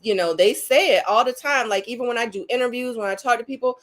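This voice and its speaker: A woman's voice: a little high, fast. A young adult woman co-hosting a casual live-stream recap, talking animatedly and repeating words for emphasis. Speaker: co-host recapping a dating show.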